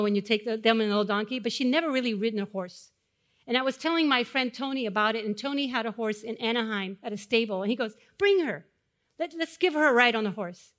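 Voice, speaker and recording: A middle-aged woman preaching a sermon, telling personal stories to the congregation and swelling louder on key phrases. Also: on the high side. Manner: personal storytelling addressed to a congregation.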